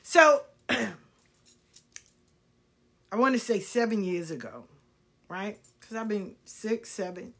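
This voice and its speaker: A woman speaks in a middle-pitched voice, telling stories from her life on a casual live video. She laughs often, swears without a second thought and slips into preachy encouragement, repeating lines to drive them home. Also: animated, slow, long pauses, a bit bright. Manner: repeats herself for emphasis. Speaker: spiritual reader.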